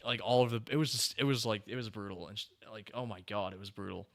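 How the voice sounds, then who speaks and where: A man hosting a podcast, chatting casually in a rambling, animated way with many fillers and restarts. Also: lowish voice, quick pace. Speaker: podcast host.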